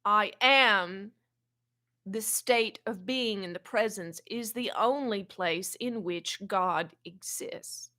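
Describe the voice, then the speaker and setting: A woman channeling an ancient wise spirit in a spiritual teaching talk, speaking slowly and haltingly and often repeating words. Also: medium pitch, bright, forceful tone. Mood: calm teaching. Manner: slow, halting, repeats words while searching.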